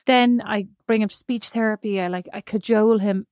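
A woman's voice: medium pitch, fairly even intonation, brisk, hardly any pauses, a little mellow, no echo, clean studio sound. A woman in her forties co-hosting a casual podcast, telling stories in a chatty, self-mocking way. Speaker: podcast co-host. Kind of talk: casual chat.

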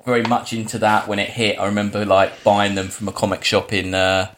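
40s guy co-hosting a podcast, lowish voice, rambles along with lots of ums. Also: completely flat delivery, brisk, fairly bright tone. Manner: easygoing, rambling, lots of fillers. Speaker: podcast co-host. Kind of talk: casual chat.

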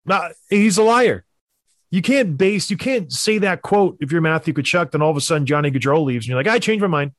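A young adult man hosting a sports talk show, emphatic and animated, with mocking asides. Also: on the high side, a little fast, dry recording, clean studio sound. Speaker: sports podcast host. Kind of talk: opinionated hockey talk.

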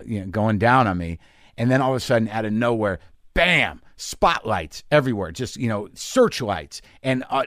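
A man's voice: fairly low pitch, no echo. Confessional middle-aged man, dry close sound. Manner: halting, confessional, full of uh and you know fillers. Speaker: podcast host and comedian. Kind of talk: candid comic storytelling and interview.

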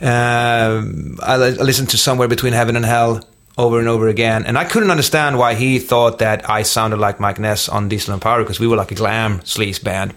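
A middle-aged man with a Swedish accent talks as an interview guest at a medium pitch. His speech is loose and rambling, full of fillers and restarts. The tone is casual, like telling stories among friends. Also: steady tone, brisk, fairly bright tone. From Sweden. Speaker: rock musician guest.

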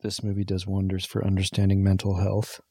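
A man with a mellow, relaxed tone co-hosts a podcast in casual chat. He drops dry, wry remarks and laughs easily. His voice is close and dry, with no room echo. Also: deep voice, a little fast, husky. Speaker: podcast co-host.

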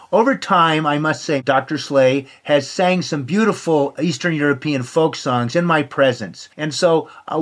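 A man hosting an interview podcast, thanking his guest in an appreciative, gracious way. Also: fairly high pitch. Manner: warm, appreciative, wrapping up. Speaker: podcast host.

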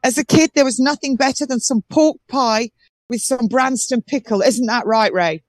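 A woman's voice: fairly high pitch, normal speed, no room sound. A woman from southern England chatting animatedly on a phone while touring an outdoor market, full of restarts. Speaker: guest on a live call-in show. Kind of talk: live walking tour on a phone call.

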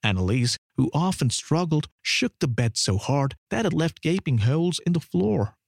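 A man giving a dramatic documentary narration in an expressive, swooping delivery. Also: on the high side, moderate pace, vocal fry, no room sound, clean studio sound.

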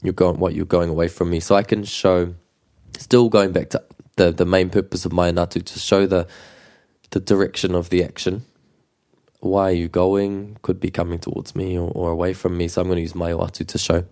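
A man with a New Zealand accent teaching a relaxed language lesson, patiently repeating example phrases slowly. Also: sits low. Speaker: te reo Māori teacher.

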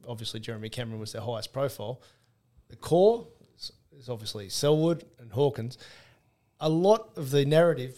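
A man's voice: medium pitch, a little mellow. A man hosting a casual podcast, blunt and swearing freely as he talks football. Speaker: podcast host.

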